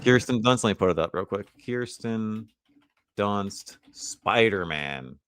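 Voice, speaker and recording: A man's voice: on the low side, animated, takes it slowly, a bit bright, clean tone, no room sound, studio quality. A man hosting a casual livestream chat, laid-back and teasing with crude banter. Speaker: host.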